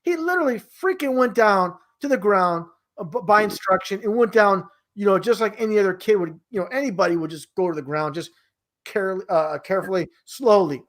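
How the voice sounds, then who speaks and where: A man's voice: high voice, a little fast, a bit bright. A man talking casually and at length, rambling with many restarts and an incredulous tone. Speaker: guest. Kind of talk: casual conversation.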